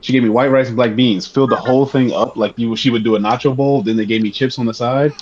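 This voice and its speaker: A man's voice: medium pitch, steady tone, fast talker, darkish tone. A man joining a casual gaming podcast as a guest, bantering in a joking, laid-back way. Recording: dull lo-fi audio.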